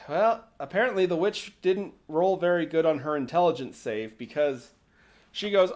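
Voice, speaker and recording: A man's voice: high voice, big pitch swings, takes it slowly. A man hosting a livestream, retelling a folk tale casually with sarcastic, mocking asides and casual swearing. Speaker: host.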